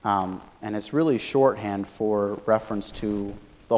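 Lower-voiced man teaching scripture. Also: a little slow, darkish tone. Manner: thoughtful, many fillers and restarts, explanatory. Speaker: Bible teacher. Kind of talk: Bible study lecture.

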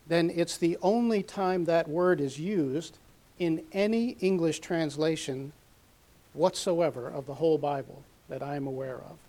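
A man teaching a sermon from a Bible passage, measured and methodical, reading scripture aloud with emphasis. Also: on the high side, darkish tone. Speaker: preacher.

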